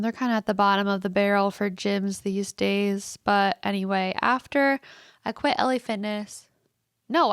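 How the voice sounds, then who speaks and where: A woman's voice: medium pitch, gravelly, a bit bright, dry recording, studio quality. A young adult woman hosting a podcast, telling work stories in a casual, exasperated rant, swearing freely and using "like" often. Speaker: podcast host.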